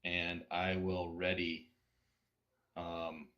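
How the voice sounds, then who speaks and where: A man's voice: deep voice, completely flat delivery, extremely slow, highs cut off. A man playing in a tabletop game, casually asking the game master questions about the rules. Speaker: player.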